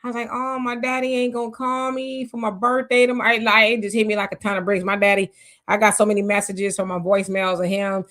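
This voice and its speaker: A woman's voice: mid-range voice, flat delivery, quick pace, fairly bright tone. Woman in her fifties hosting a stream. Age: 50s. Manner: conversational, reads viewer comments aloud. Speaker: host. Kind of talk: casual live-stream chat.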